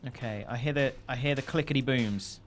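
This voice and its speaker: A man's voice: mid-range voice, brisk, a little hiss or hum. A half-Australian man co-hosting a live game stream, teasing his co-host in playful banter.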